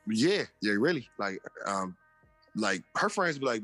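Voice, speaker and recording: A man's voice: mid-range voice, big pitch swings, brisk, a bit bright, breathy edge, faint music behind. A young man, an interview guest and author, telling a personal testimony in casual slang and acting out the voices of people he quotes.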